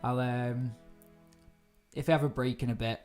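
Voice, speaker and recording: A woman chatting through a live gameplay stream, easily startled and quick to laugh. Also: very deep voice, steady tone, a little mellow, faint music behind. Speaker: game streamer.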